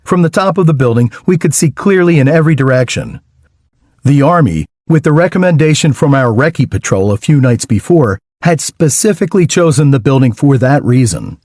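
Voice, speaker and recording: Lively male audiobook narrator, dry mic. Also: mid-range voice, moderate pace, no room sound. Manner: wry, lively storytelling with dry humor. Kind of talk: first-person audiobook narration.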